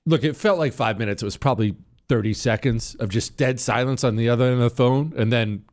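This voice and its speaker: A man's voice: mid-range voice, fairly quick, a little mellow. A middle-aged man telling a defiant, rambling story as a podcast guest in casual storytelling.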